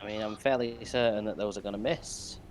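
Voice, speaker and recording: A man running a tabletop game as game master, relaxed and chuckling as he makes casual rulings. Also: on the low side, brisk, a crowd in the background.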